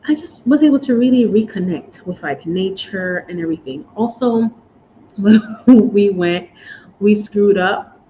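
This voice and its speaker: Her voice is mid-range and a little mellow as this vlogger recounts moving abroad, talking chattily and emotionally to y'all and choking up along the way. Faint background hiss sits under a slightly dull recording.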